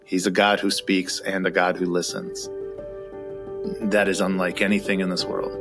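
A young adult man with an American accent, reflecting earnestly in an interview with an occasional soft laugh. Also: low-pitched, level tone, moderate pace, over music. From Iran. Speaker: author and guest.

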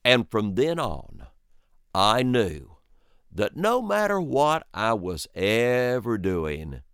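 A male storyteller telling a funny childhood story with dramatic pauses and sudden jumps in pitch. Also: sing-song, fairly bright tone, clear, resonant tone, no room sound, clean studio sound. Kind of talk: told personal story.

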